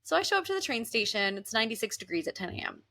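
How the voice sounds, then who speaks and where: A woman's voice: fairly high pitch, racing. Chatty woman telling a story. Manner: animated, laughing, often acts out quoted people. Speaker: podcast host. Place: Los Angeles.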